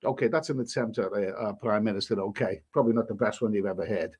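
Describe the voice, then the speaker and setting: A man's voice: lowish voice, fast talker, a little mellow, slightly rough. A man hosts a travel live stream and reads viewer comments aloud. He rambles and repeats himself, with mild swearing and an exasperated edge. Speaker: travel vlogger reading live chat.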